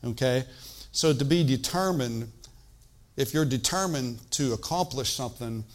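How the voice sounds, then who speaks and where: Speaking a little slowly in a medium-pitched voice, an older man preaches conversationally. As a pastor teaching a sermon, he keeps it easygoing and talky, often turning to the congregation with call-and-response asides.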